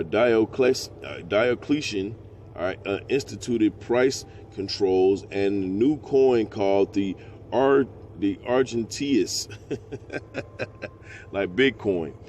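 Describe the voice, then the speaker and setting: Slangy low-voiced preacher man. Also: darkish tone, slight background noise. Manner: reads verses slowly then riffs in slangy asides. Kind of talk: scripture teaching with street talk.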